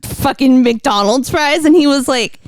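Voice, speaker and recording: A woman telling a story in casual chat, animated, laughing often and swearing freely. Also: sits high, a little slow, dry recording.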